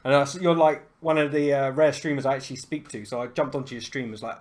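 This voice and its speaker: A young adult man from the United Kingdom, a chess streamer chatting casually to his viewers in an excitable, self-mocking way. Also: mid-range voice, quick pace, few pauses. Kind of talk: casual live-stream chat.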